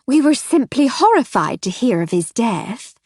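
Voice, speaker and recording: A woman voicing a fussy, sharp-tongued wealthy wife in her fifties in an audiobook. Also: on the high side, very animated, normal speed, no room sound, clean studio sound, voice pushed up. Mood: fussing. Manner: gushing, then icy and sharp. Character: shrill fussy rich middle-aged wife.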